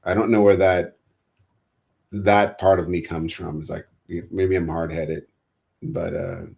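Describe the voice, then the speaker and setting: With a low-pitched, creaky voice and an unhurried delivery, this American guest tells stories about his past in an interview. He's an animated storyteller who performs the dialogue of the people he quotes.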